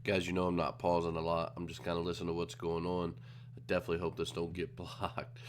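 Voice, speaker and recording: A man's voice: low-pitched, fast, heavy background noise. A man hosting a reaction video, chatting casually to his viewers between clips. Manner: relaxed, chatty asides to viewers. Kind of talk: casual commentary.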